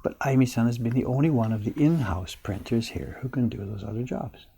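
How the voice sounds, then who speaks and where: An older man chatting casually as he works at woodblock carving in his print workshop, thinking aloud and sometimes dropping his voice low. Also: lively intonation, a little fast, creaky, mellow, slightly rough. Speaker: printmaker streaming live. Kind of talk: casual chat while working.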